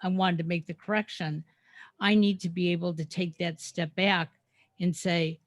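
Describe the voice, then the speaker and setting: A woman's voice: lowish voice, steady tone, moderate pace, dry recording. A woman in her seventies co-hosting a podcast, speaking candidly with lots of ums. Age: 70s. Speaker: co-host. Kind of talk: casual podcast chat.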